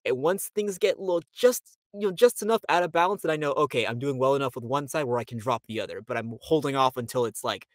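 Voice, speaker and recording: A man's voice: mid-range voice, fast, hardly any pauses, dry recording. A young man from Miami chats casually as an interview guest. He talks about his voice acting work, leans on fillers like "like" and "you know", and laughs often. The sound is dry and close, with no room in it. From Miami, Florida. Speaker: voice actor guest.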